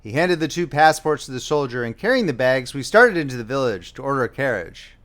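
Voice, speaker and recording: A man narrating a novel audiobook with a steady storytelling delivery. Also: mid-range voice, fairly quick.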